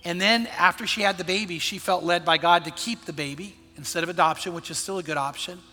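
High, bright-voiced pastor preaching. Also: male voice, quick pace, soft background music. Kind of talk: sermon. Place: large church auditorium. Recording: long hall reverb from a large sanctuary.

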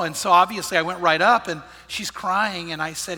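A man preaching a sermon as a pastor, talking in a conversational storytelling way with many restarts and dropping to a hushed, gentle tone at tender points. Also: high voice, quick pace, few pauses. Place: large church auditorium. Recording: long hall reverb from a large sanctuary.

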